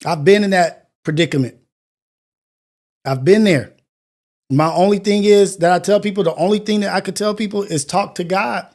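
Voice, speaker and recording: High-pitched dude hosting a morning show, earnest and preachy, keeps repeating himself. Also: male voice, normal speed, long pauses, darkish tone. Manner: earnest, preachy, repetitive phrasing. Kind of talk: motivational monologue.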